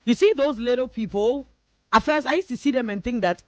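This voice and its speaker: Animated Ghanaian woman radio host. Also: on the high side, brisk, dull audio. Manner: animated, playfully mimics friends' voices. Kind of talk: casual radio talk mixing English and Twi. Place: radio studio.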